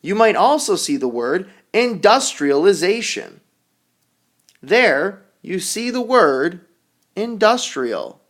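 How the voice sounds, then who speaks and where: A man teaching English vocabulary, leading a call-and-repeat drill with slow, exaggerated enunciation. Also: high-pitched. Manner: animated, sing-song teacher delivery. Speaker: ESL teacher.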